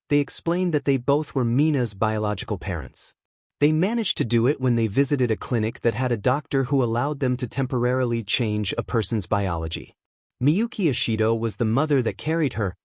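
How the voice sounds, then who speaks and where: A man narrating a fan fiction story in a brisk, even reading. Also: mid-range voice, no room sound, clean studio sound.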